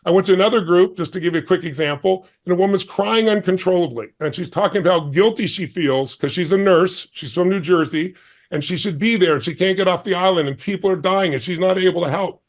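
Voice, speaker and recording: A man's voice: high voice, quick pace. A man in his sixties, a guest on an interview show, telling a story with intense emphasis and acting out the dialogue. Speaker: guest speaker.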